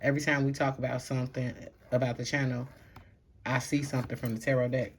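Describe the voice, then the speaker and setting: A woman's voice: very deep voice, quick pace, slight background noise. Blunt, slangy woman reading tarot. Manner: blunt and slangy, swears freely, shifts between calm and loud. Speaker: tarot reader. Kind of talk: casual tarot reading to camera.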